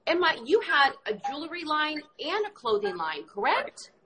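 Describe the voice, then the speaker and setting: A woman's voice: high voice, big pitch swings, moderate pace, noisy background. A woman hosting a casual interview, effusive and enthusiastic in her reactions. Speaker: interview host.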